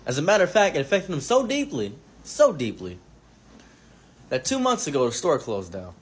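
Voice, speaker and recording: Animated man telling wild stories. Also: on the high side, normal speed, slightly rough. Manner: animated, exaggerated, swinging between mumbles and excited outbursts. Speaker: commentary streamer. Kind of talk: casual storytelling.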